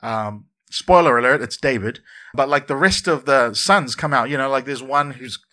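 A man preaching a sermon in church, lively and conversational, often repeating words and adding asides. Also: medium pitch, normal speed. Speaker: pastor.

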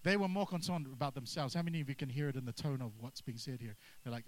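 A man preaching a sermon, energetic and drawing responses from the congregation. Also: mid-range voice, fast, rough recording. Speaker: pastor.

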